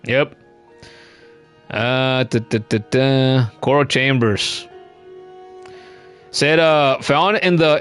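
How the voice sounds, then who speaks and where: A man's voice: medium pitch, a bit bright, clean tone. A man giving casual, chatty commentary while streaming a game, cursing now and then and reading chat comments aloud.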